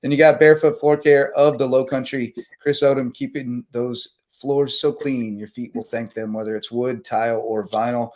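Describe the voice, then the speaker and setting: A man hosting a late-night sports talk stream, rambling through game recaps and sponsor shout-outs. His voice is mid-pitched and casual, tired but still running on adrenaline. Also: steady tone, normal speed, few pauses. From South Carolina Lowcountry. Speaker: sports talk show host.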